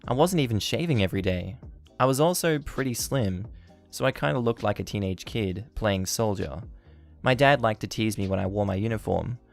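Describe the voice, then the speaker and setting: A man reads online stories aloud in a lowish voice, chuckling and reacting between posts. Soft music plays quietly behind him. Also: moderate pace, vocal fry. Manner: amused, laughs and comments between stories. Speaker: story-channel host.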